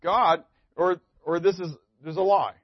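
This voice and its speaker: A man preaching a sermon, asking his listeners questions and answering them himself, swinging from emphatic to very soft and low. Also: steady tone, a little slow, slightly rough, no echo, dull audio.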